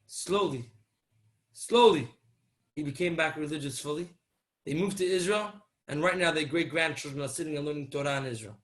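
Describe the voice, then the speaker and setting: A man delivers a sermon as a story, playing out each character's lines and swinging from loud to hushed. His voice sits high for a man, with a bright, forceful edge. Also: normal speed. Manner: animated storyteller acting out dialogue, swings between loud and soft. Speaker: rabbi giving a Torah talk.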